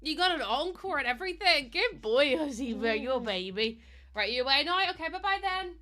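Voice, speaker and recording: A woman's voice: sits high, animated, brisk, sharp tone. A woman live streamer chatting casually and giggling as she greets her chat.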